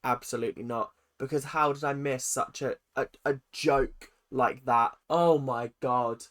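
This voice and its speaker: A young host in their twenties, ranting through a reaction video in a sarcastic, animated way and swearing freely. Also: mid-range voice, a little slow. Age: 20s.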